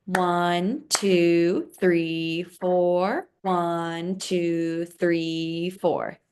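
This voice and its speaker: A woman teaching a beginner music lesson, patiently explaining and counting rhythms aloud. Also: mid-range voice. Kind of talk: instructional explainer video.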